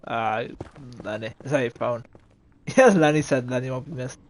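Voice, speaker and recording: A man's voice: mid-range voice, lively intonation, a little slow. A man streaming a game, chatting casually with friends and bursting into laughs and swearing. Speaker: livestream gamer. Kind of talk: casual gaming stream chat.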